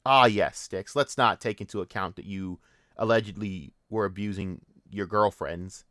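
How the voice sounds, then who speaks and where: A man's voice: lowish voice, normal speed, a bit bright, dry recording, clean studio sound. A man hosting a commentary channel, ranting in a profane, mocking and exasperated way.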